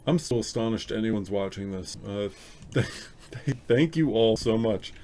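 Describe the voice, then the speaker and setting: A man's voice: fairly low pitch, expressive, moderate pace, dark tone, slight background noise. A man hosting a casual live stream, chatting and thinking aloud as he works, a little self-conscious, in a room at home. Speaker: live stream host editing photos. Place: room at home with an open window.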